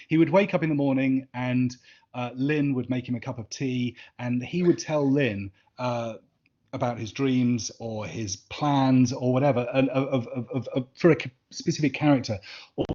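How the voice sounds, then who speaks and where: A man's voice: mid-range voice, normal speed, a little mellow. An Englishman talks through his answers in a loose, rambling way, stumbling over words and circling back to restart. The sound is dull and muffled, as over a video call. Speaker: interview guest, former assistant. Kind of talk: casual interview answers.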